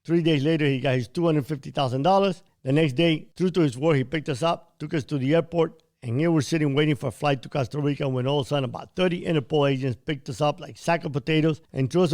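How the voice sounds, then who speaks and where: A man's voice: a little high, a little mellow. A man hosting a podcast, telling a first-person story bluntly and vividly, sometimes swearing. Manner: blunt, vivid retelling with quoted dialogue; occasionally profane. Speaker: podcast host.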